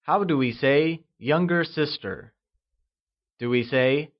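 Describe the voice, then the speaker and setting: Slow, patient male language teacher. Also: fairly high pitch. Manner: slow, patient, encouraging drills. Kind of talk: scripted lesson narration. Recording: slightly dull lo-fi audio.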